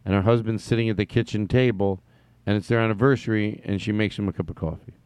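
A man's voice: fairly low pitch, steady tone, fast talker, darkish tone, clean tone, no echo. A man hosting a show, commenting on old commercials in a wry, rambling way with some swearing. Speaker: host. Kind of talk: casual commentary.

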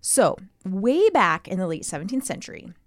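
A woman's voice: mid-range voice, very animated, moderate pace, dry recording. Podcast cohost, woman, mid-range voice, chatty storyteller, dry close mic. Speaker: podcast co-host. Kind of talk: casual chat.

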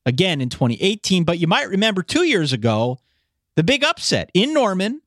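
A man's voice: high voice, a little fast, dry recording, clean studio sound. A man co-hosting a casual sports podcast, leading the segments and making picks. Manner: animated, leads the segments. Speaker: podcast co-host.

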